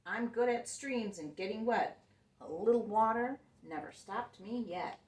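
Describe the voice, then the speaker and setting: A woman voicing a cheerful, brave little male truck in a picture book, talking in a friendly, upbeat way with high beeping honks. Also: measured pace, a little mellow, natural voice. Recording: roomy sound, mic at a distance.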